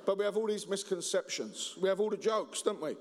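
A man preaching a humorous Christmas sermon, joking and telling stories in an animated way. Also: high voice, fairly quick. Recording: reverberant hall.

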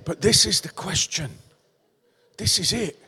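A Cockney man from London preaches with a high voice, telling stories with lively flair and calling out to the congregation. His voice rings through a church auditorium with a long, lingering reverb. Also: measured pace, slightly rough. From London, England. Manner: animated storytelling with crowd call-outs. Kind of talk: sermon.

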